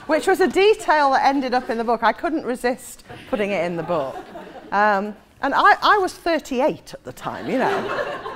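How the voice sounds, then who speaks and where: A woman's voice: mid-range voice, big pitch swings, normal speed, slight background noise. A woman in her forties, an author, telling a self-mocking anecdote with frequent laughter. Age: 40s. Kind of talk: anecdotal storytelling.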